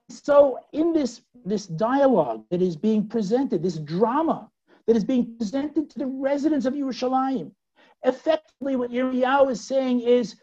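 A woman lectures on scripture with theatrical swings from loud to hushed, asking her listeners questions as she goes. Her voice sits fairly high but sounds dark and husky, with very lively pitch. The recording is dull and lo-fi. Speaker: Bible teacher.

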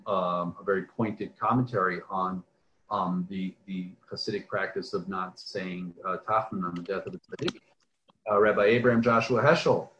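A man's voice: on the low side, fairly bright tone, reverberant, a little hiss or hum, poor audio. A man teaching an online class, talking in a discursive way, often asking "right?" and trailing off with "um". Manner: discursive, often adds "right?" and "um", restarts phrases. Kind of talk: online lecture with questions from the chat. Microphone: video call.

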